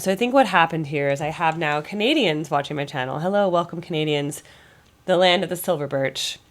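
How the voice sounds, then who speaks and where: An American woman hosting a music reaction channel, chatting in a rambling, think-aloud way while getting over a cold. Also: sits low. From United States. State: recovering from a cold. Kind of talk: casual reaction commentary.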